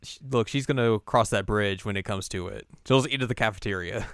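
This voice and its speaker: A man co-hosting an anime recap show, retelling scenes in casual chat and jumping into squeaky voices for the characters. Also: fairly quick, no room sound, studio quality. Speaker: co-host recapping an anime episode.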